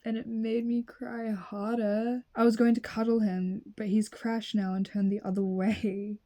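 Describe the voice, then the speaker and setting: A woman reading online posts aloud and adding blunt, candid commentary, sometimes dropping into a hushed half-whisper. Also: medium pitch. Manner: blunt, candid asides with swearing.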